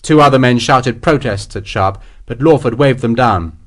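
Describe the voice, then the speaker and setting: A man's voice: mid-range voice, moderate pace. A man reading an audiobook as its narrator in a dramatic, vivid way. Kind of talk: scripted narration.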